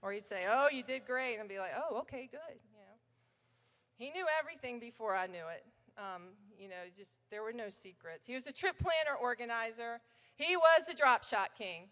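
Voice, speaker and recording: A woman's voice: on the high side, expressive, brisk, fairly bright tone. A middle-aged woman giving a chatty, anecdotal hall of fame acceptance speech at a banquet, telling stories about her old coach. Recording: long hall reverb.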